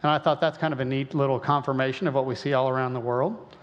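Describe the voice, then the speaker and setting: A man's voice: mid-range voice, fairly even intonation, fast talker. A man from Western Illinois giving a folksy, conversational lecture with lots of rhetorical questions. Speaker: creationist speaker. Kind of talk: lecture-style talk. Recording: muffled sound with long hall reverb.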